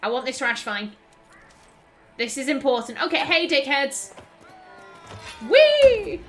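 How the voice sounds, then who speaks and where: A woman's voice: high-pitched, moderate pace, fairly bright tone. A woman hosting a let's play, chatting casually and exclaiming as she plays, with playful swearing. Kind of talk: casual gameplay commentary.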